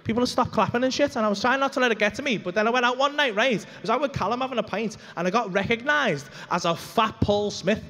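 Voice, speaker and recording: A man's voice: extremely high pitch, fast, hardly any pauses, sharp tone, slight background noise. A man doing a profane stand-up routine on a comedy club stage, telling stories animatedly into a handheld mic. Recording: long reverb of a comedy club.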